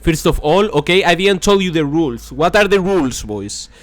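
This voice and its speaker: A man's voice: fairly high pitch, expressive, moderate pace, dry recording. Rambling young gamer man, dry close mic. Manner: rambling, repeats "boys" and "that's crazy", frustrated asides. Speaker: gaming video host. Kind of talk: casual gameplay commentary.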